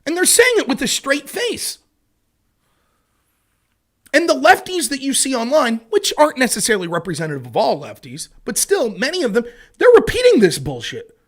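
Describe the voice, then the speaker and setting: Male stream host, high lively voice, sarcastic, swears, mocks critics. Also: normal speed. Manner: animated, sarcastic, mocking imitations of opponents; swears freely in exasperation. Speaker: political livestream host. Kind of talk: casual political commentary.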